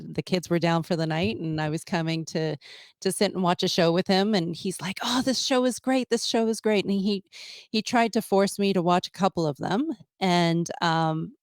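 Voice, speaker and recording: A woman's voice: lowish voice, clean tone, no room sound. A woman guesting on a podcast, talking casually and hesitantly with many fillers and easy laughs.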